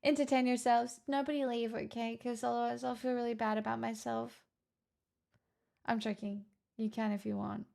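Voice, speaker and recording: A woman's voice: on the high side, flat delivery, moderate pace, creaky, dark tone. A young woman streaming live, reading out chat messages with playful quips.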